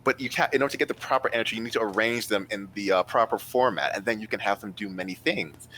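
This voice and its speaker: Low-voiced casual game master. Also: male voice, quick pace, bright, forceful tone, slight background noise, low-quality recording. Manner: casual, many fillers. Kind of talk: narrating a tabletop game.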